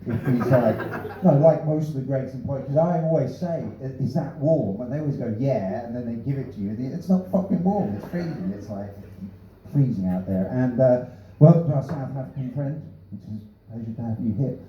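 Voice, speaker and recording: Dry stand-up comic in an echoey club. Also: male voice, mid-range voice, expressive, brisk. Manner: dry punning one-liners with offhand asides. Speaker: stand-up comedian. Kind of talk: stand-up set testing new jokes. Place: small comedy club stage. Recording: echoey room, distant, slightly dull.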